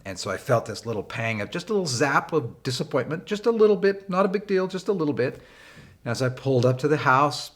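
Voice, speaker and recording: A man teaching leadership through a personal story, talking conversationally with frequent fillers and wry emphasis. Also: fairly bright tone. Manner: rises in pitch for wry emphasis. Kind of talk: anecdotal storytelling lesson.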